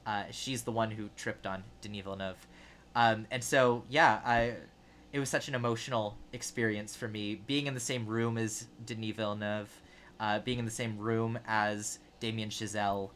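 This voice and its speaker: Young male podcast co-host, bright tone, animated storyteller, self-mocking. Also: lowish voice, normal speed, slight background noise. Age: 20s. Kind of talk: casual chat, storytelling.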